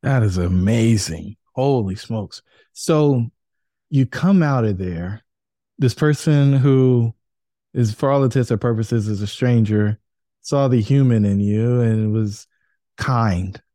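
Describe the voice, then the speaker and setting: A man's voice: mid-range voice, takes it slowly, mellow, no room sound, clean studio sound. A man hosting an interview, responding to his guest with affirming remarks. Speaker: host. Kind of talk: interview conversation.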